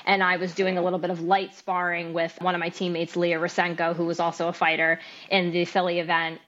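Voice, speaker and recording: A woman in her thirties, a podcast guest, candidly recounting her story in an interview, animated and laughing at times. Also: lowish voice, fairly quick, slight background noise. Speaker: podcast guest, amateur boxer. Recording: slightly dull, lo-fi sound.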